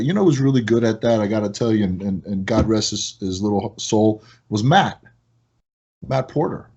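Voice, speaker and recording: This is a man speaking at normal speed in a slightly rough voice, captured on a muffled recording. As a podcast guest who runs a product company, he chats casually and spins lively, high-energy stories. When he gets excited, his animated delivery shoots upward in pitch.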